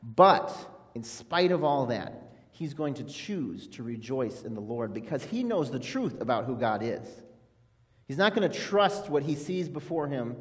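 A man's voice: mid-range voice, sing-song, unhurried. A man preaching an earnest, conversational sermon as a pastor, with frequent restarts. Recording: long hall reverb.

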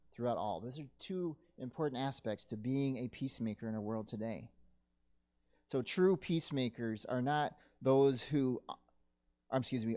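A male pastor delivering a sermon in an earnest, measured way, sometimes correcting himself mid-sentence. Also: medium pitch, warm tone. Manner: earnest, measured preaching with occasional self-corrections.

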